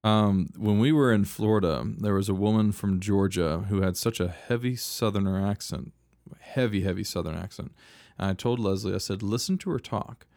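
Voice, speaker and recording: A man's voice: fairly low pitch, moderate pace, a little mellow, dry recording, clean studio sound. A man co-hosting a casual podcast, joking, laughing often and telling anecdotes as he chats with friends. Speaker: podcast co-host, history teacher. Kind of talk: casual chat.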